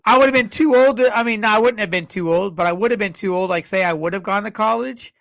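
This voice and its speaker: A man's voice: sits high, fast, vocal fry, a bit bright, no room sound. A man in his forties co-hosting a podcast, rambling through stories in casual chat and swearing freely. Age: 40s. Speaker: podcast co-host.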